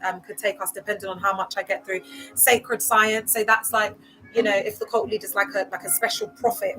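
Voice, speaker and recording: A woman's voice: medium pitch, poor audio. A young woman who talks in a sassy, slangy way and often laughs, chatting casually on a livestream about cults. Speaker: vlogger discussing cults.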